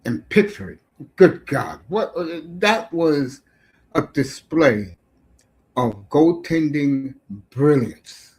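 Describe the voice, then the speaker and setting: A middle-aged man hosting a sports talk show, giving a brash, profane casual rant that swings between shouts and mutters. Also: on the high side, big pitch swings, drawn-out words, rough recording.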